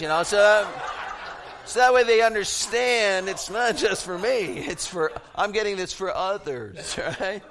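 A middle-aged man preaching a sermon, telling funny stories with animated energy and laughing at his own jokes. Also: high-pitched, normal speed, slight background noise. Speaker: pastor.

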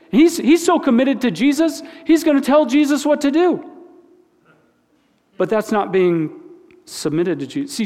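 A man's voice: sits high, a little mellow. A man preaching a conversational sermon in a church, talking informally, repeating words and asking the listeners questions. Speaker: pastor. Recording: long reverb of a large hall.

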